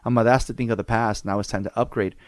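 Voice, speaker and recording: A man's voice: lowish voice, fast, no room sound. A man hosting a podcast, telling stories in casual chat with lots of swearing. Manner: animated, profane storytelling. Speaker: podcast host.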